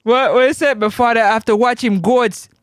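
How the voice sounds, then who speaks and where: A man's voice: very high voice, normal speed, smooth, no echo, clean studio sound. A man with a Jamaican accent hosting a live sports talk stream, teasing viewers playfully and laughing often.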